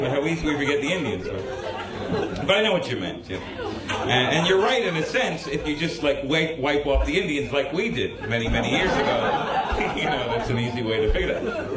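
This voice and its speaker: Fast, lively man with a New York accent on stage, roomy echo and loud crowd around him. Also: on the high side. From born in New York, raised in Florida. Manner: animated, laughing, does mock voices. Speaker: stand-up comedian. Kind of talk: stand-up comedy. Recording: live show with echoey room and loud crowd.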